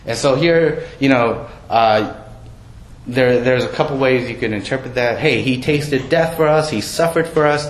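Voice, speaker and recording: A man's voice: medium pitch, moderate pace. A man preaching a sermon in a conversational way, often asking his listeners questions. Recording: roomy with faint background noise.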